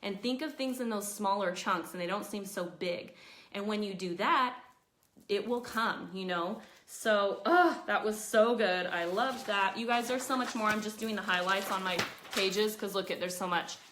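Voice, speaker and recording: A woman talking live to her network marketing team, chatty and earnest, giving motivational highlights. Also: normal speed, a bit bright, echoey room, slight background noise. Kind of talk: casual Facebook Live talk.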